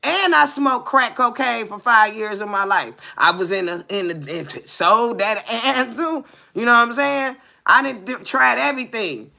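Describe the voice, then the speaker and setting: A woman's voice: on the high side, expressive, unhurried, creaky, hardly any pauses, sharp tone. A woman in her forties co-hosting a live talk show, telling profane, brash stories and constantly asking her listeners whether they hear her. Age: 40s. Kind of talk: casual live chat.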